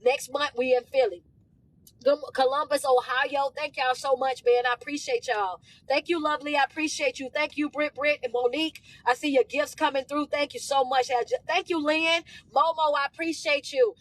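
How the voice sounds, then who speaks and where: A woman's voice: high voice, normal speed. A woman life coach on a livestream, talking casually and energetically as she thanks viewers by name. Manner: energetic, warm shout-outs in casual slang. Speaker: motivational speaker and life coach.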